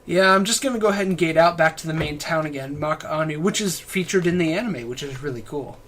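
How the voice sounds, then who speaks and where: A man's voice: a little high, quick pace, a bit bright, slight background noise. A man with a nasal voice, just over a cold, casually commenting while playing and reviewing a game. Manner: joking, rambling, trails off.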